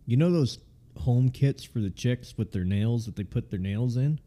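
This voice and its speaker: A male podcast co-host with a mellow, warm-toned voice, chatting casually about beer. He jokes around and laughs easily, and he swears offhandedly. His pitch sits in an ordinary middle range. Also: animated, normal speed. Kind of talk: casual chat while tasting beer.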